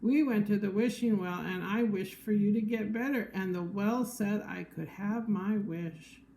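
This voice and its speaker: A woman's voice: mid-range voice, measured pace, mellow, reverberant, lightly acted, poor audio. A woman doing cheerful little Googly. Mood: eager. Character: small friendly male storybook creature.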